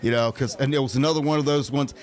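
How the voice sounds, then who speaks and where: A man's voice: medium pitch, fairly even intonation, fast. A man hosting a radio show in casual chat. He tells rambling stories with many restarts. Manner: rambling storyteller, restarts often. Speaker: radio host.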